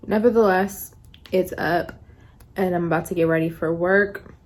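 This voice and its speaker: A young woman vlogging casually to her phone camera, rambling through stories in a chatty, animated way. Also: lowish voice, takes it slowly. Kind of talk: casual vlog chat.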